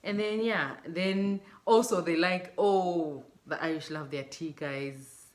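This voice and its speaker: A woman from Zimbabwe talks casually to her viewers in a low voice. She tells little stories and slips into brighter voices when she mimics what people say to her. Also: takes it slowly. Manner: chatty, storytelling, quotes others in bright mimicking voices. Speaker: vlogger. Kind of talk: casual chat to camera.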